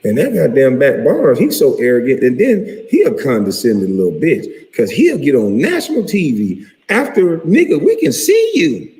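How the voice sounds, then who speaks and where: A man in his forties, a retired pro athlete, ranting to camera in a profane, heated, animated way. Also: on the high side, normal speed. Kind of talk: casual rant to camera. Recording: echoey room with long reverb.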